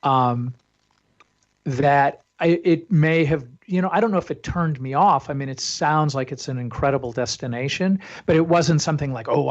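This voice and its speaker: A middle-aged man talking as an interview guest, chatty and animated as he tells stories. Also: medium pitch. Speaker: guest, travel publisher. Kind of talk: casual interview talk. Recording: slightly dull lo-fi audio.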